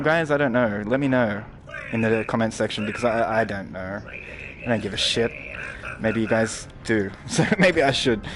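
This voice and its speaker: A young man giving live gameplay commentary to his chat, rambling, swearing freely and jumping into loud outbursts. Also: medium pitch, background noise. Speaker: streamer.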